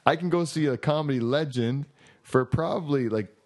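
A man's voice: a little high, moderate pace. Man, casual chat, rambling, laughs a lot, lots of fillers, from Canada. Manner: rambling storyteller, laughs often, many fillers. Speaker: podcast co-host.

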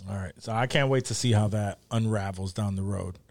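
Podcast host chiming in and steering. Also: male voice, on the low side, brisk, darkish tone. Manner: short interjections, steering the talk. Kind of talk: casual chat.

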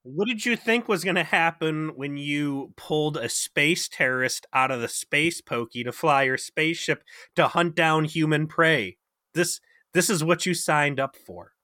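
A man voicing a brash, cocky male starship pilot who talks in quick, sarcastic bursts. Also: a little high, pushed and bright, dry recording, clean studio sound. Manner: rapid, swaggering, sarcastic.

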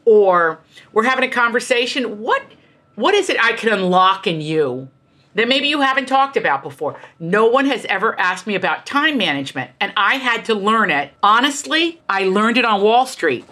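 A middle-aged woman author, a guest in an interview, telling her stories in an emphatic, animated way with quick asides. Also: mid-range voice. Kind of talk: candid conversational storytelling.

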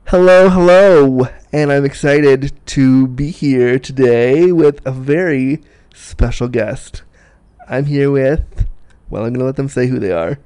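A man hosting a casual podcast interview at home, chatty and excitable, often laughing, speaking into a desk mic. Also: mid-range voice, unhurried, clean tone. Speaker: podcast host. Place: small apartment room. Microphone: desk mic, guest sharing it.

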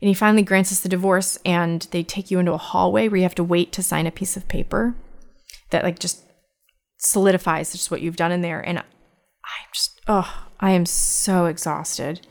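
Low-voiced woman telling a personal story. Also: fairly even intonation. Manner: halting, restarts and repeats words; reflective, candid.

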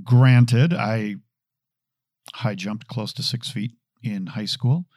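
Middle-aged guy doing an earnest scripture pep talk, mid voice, repeats verses slow, dry close sound. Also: mid-range voice, darkish tone, no echo. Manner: earnest, repeats verses slowly with varied emphasis. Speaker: host.

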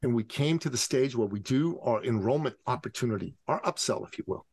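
A man in his forties from the Middle East, a podcast guest and business coach telling an animated, dramatic story. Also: mid-range voice, brisk, slightly rough, no echo. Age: 40s. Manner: dramatic, acts out scenes with voices.

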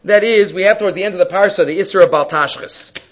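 A man's voice: sits high, fast. A man giving a weekly Torah portion class, telling stories and asking rhetorical questions, with Hebrew and Yiddish terms mixed into his English. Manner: animated storytelling, rhetorical questions. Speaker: Torah teacher. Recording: dull lo-fi recording.

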